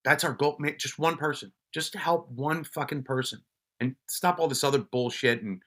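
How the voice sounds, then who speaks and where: A man's voice: mid-range voice, normal speed, pushed and bright. A man guest on a podcast telling stories from his police career in a casual, blunt way, swearing freely and often restarting his sentences. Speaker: podcast guest, police officer and wellness advocate. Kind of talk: casual storytelling.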